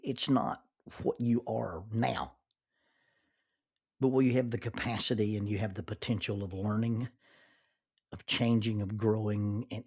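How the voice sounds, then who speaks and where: A man giving a reflective, faith-based talk as a podcast host, earnest and halting, often repeating words as he starts a phrase and slowing down to stress key words. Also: on the low side, creaky, a little mellow, husky.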